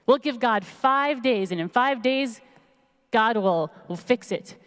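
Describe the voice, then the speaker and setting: A woman's voice: on the high side, lively intonation, slow pace, smooth, pitched above the performer's own voice. Lady playing a patronizing town sheriff guy, placating, echoey hall. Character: bluff small-town male lawman. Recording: long reverb in a large hall.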